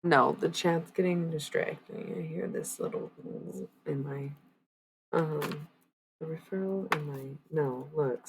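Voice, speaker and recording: A woman's voice: low voice, slow pace, gravelly, long pauses, background noise. A woman livestreaming oracle card readings, chatting loosely with viewers, using many fillers and swearing bluntly. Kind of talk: casual live-stream chat with viewers.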